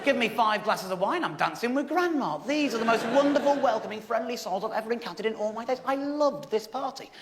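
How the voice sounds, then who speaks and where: An English comedian spins a story on stage in a high, lively voice that leaps all over the place, incredulous and poking fun at himself. A live crowd roars with laughter around him. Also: male voice, brisk, few pauses. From England. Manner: animated, incredulous, self-mocking. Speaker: stand-up comedian. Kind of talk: stand-up storytelling. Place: stage before a live audience. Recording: live show with audience laughter.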